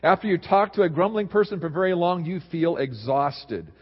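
A man preaching a sermon as pastor, swinging between lively emphasis and low, quiet asides. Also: normal speed, husky. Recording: dull sound in a reverberant hall.

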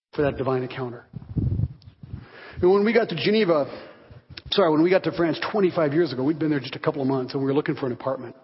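In a somewhat high, husky voice, a man preaches as pastor, bringing his stories to life by acting out each character's voice. The audio sounds dull and reverberant, as if captured in a hall.

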